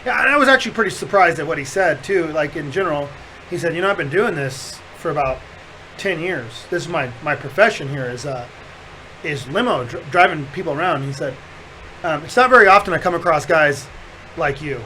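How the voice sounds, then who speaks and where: A man hosting a podcast, telling a story in casual chat, animated and profane, often laughing as he talks. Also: on the high side, brisk, a little hiss or hum, low-quality recording. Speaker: podcast host.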